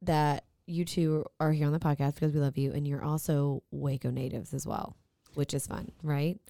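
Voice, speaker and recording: Woman podcast host, low voice, dry close sound, curious questions. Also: level tone, creaky, warm tone, dry recording. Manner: curious, quick to laugh, asks follow-ups. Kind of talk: casual podcast chat.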